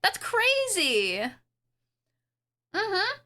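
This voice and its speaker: A woman streaming live, chatting casually to her viewers in an excitable, rambling way with frequent giggles. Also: very high-pitched, drawn-out words. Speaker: streamer and animator. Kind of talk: casual livestream chat.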